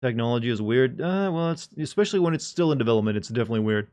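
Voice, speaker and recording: A man's voice: medium pitch, lively intonation, rapid-fire, a little mellow. Rambling joking male streamer. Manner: joking, rambling, talks to chat. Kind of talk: casual live-stream chat.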